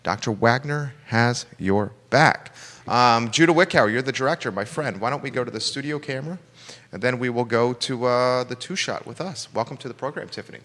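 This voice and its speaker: Upbeat male talk-show host, bright voice, long studio reverb. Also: medium pitch, a little fast. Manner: upbeat, enthusiastic interviewer. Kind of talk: local business talk show. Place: studio with cameras.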